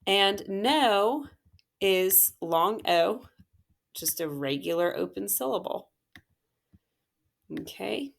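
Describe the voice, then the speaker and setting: Slow, gravelly-voiced woman teaching phonics. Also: mid-range voice, animated. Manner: patient, encouraging, sounds out words slowly. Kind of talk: phonics lesson walkthrough.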